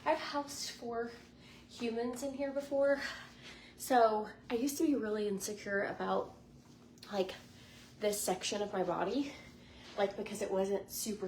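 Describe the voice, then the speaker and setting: Speaking to camera from a hotel room in Las Vegas, a bubbly woman in her forties chats through a lifestyle vlog, full of likes and ums. Her voice is slightly high with a darkish tone, and background noise is noticeable.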